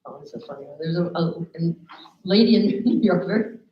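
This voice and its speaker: Woman motivational speaker, animated storyteller, echoey room, muffled recording. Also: lowish voice, moderate pace, noisy background. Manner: lively storyteller, acts out quoted people. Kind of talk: live talk to an audience with slides. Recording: echoey room, dull lo-fi sound.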